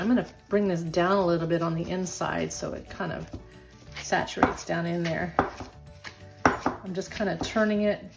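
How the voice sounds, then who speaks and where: Chatty older woman teaching a craft. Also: mid-range voice. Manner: chatty, self-deprecating, encouraging. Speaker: craft channel host. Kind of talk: casual craft tutorial.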